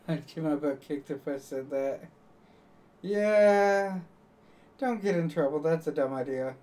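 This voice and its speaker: Live streamer, slow rambling chat, jokey, a bit off mic. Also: mid-range voice, a little mellow, recorded from a distance. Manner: rambling, chatty, joking and laughing at own jokes.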